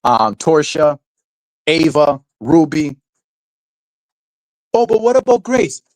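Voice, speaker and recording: Man, livestream rant, rambling, lots of fillers, slightly high voice, dry close sound. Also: big pitch swings, slow, a little mellow, no room sound, rough recording. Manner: rambling, repeats words, heavy fillers like 'like' and 'you know'; swears casually and laughs often. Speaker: live streamer.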